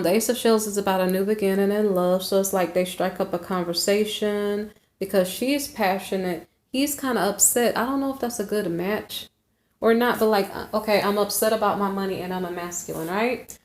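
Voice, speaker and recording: A woman's voice: medium pitch, darkish tone. A woman giving a casual tarot reading to viewers, rambling and correcting herself as she goes, often checking in with "okay?". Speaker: tarot reader. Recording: roomy echo.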